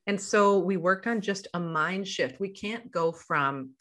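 A woman's voice: on the low side, a little slow, fairly bright tone. A woman guest on a podcast interview, a life coach talking over a video call and explaining through everyday examples.

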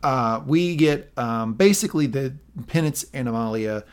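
A man's voice: mid-range voice, moderate pace, smooth. A man co-hosting a podcast, casually recapping a TV episode and reading out quoted lines. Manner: narrates plot, reads quoted lines aloud. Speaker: podcast co-host.

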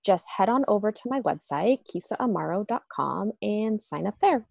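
A woman's voice: medium pitch, animated, normal speed, vocal fry, a little mellow, dry recording. A woman co-hosting a wellness podcast as a health coach, speaking in an upbeat, promotional way. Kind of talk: podcast intro.

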